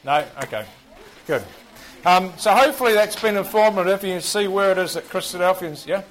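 A New Zealand-accented man with a high-pitched voice teaches a Bible class in an animated, brisk way, asking the group questions and making jokes at his own expense in a chatty, self-deprecating manner. The recording is rough.

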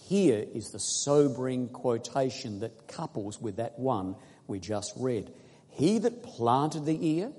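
A long reverb trails every phrase in this echoey hall recording of a man preaching a sermon. His mid-range voice is mellow and slightly husky as he reads scripture slowly and earnestly, pausing to quiz his congregation.

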